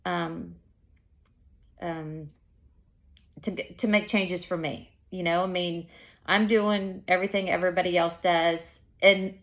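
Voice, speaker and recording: A woman's voice: on the low side, fairly even intonation, slow, long pauses. A woman chatting casually to camera, rambling and correcting herself mid-sentence as she tells her story. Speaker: vlogger.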